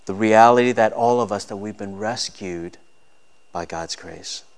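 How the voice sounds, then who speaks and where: A man's voice: fairly low pitch, measured pace, clean tone. A man in his thirties preaching a sermon as a pastor, earnest and rising to emphatic peaks.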